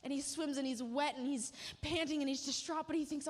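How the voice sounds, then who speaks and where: A woman's voice: high-pitched, a little fast, few pauses. A woman giving a sermon, retelling a story vividly with emotional emphasis. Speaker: church speaker. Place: church. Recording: long hall reverb.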